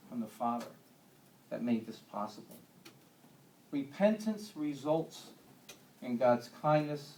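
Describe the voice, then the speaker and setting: A man's voice: fairly high pitch, darkish tone, a little hiss or hum. A man teaching a Bible lesson to a church group in a conversational way, with homely humorous asides. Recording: echoey room, distant mic.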